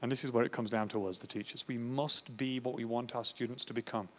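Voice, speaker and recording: A man from Australia giving a conference talk on education, animated and acting out classroom scenes. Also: mid-range voice, quick pace. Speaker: education speaker. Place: conference hall. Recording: reverberant hall.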